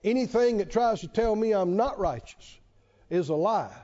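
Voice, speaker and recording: A man's voice: high voice, expressive, normal speed, dark tone. A man preaching a sermon to a congregation, emphatic and repetitive, often asking the listeners questions. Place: church. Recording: dull, lo-fi church hall reverb.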